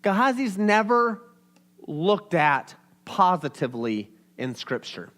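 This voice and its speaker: Speaking slowly, a young pastor delivers his sermon in a strikingly high-pitched voice. He keeps it animated and informal, addressing the congregation as if chatting with them.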